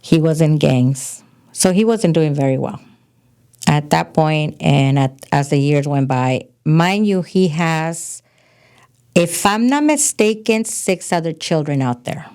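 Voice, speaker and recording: A middle-aged woman from California, a podcast guest telling frank, animated stories about her past in casual conversation. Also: deep voice, takes it slowly, clean tone. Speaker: podcast guest, host's mother. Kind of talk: casual storytelling chat.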